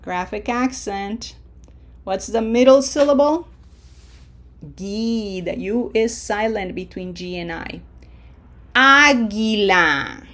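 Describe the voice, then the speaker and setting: A woman teaching a pronunciation lesson, drawing out model words slowly and coaxing the learner with questions. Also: medium pitch, a little mellow. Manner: slow, drawn-out model words between explanations. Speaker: Spanish teacher.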